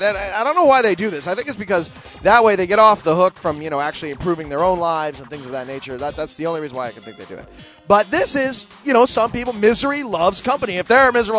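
A man's voice: high voice, expressive, fast talker, fairly bright tone, faint music behind. A man hosting a podcast, ranting in a profane, opinionated solo monologue while getting over a cold. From Canada. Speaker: podcast host.

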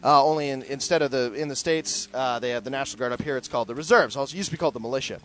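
A man's voice: mid-range voice, very fast, fairly bright tone. A man hosting a podcast, ranting in a profane, opinionated solo monologue while getting over a cold. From Canada. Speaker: podcast host.

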